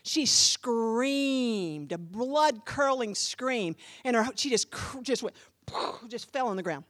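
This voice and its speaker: A woman pastor teaching a class, telling a story in an animated, emphatic, chatty way full of fillers. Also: on the high side, takes it slowly, dry recording, clean studio sound.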